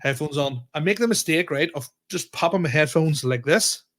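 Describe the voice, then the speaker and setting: A young man with a Northern Irish accent, telling a story on a podcast in animated, sweary casual chat and acting out what people said. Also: fairly high pitch, normal speed. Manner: animated, swearing, acts out quoted exchanges. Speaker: podcast host.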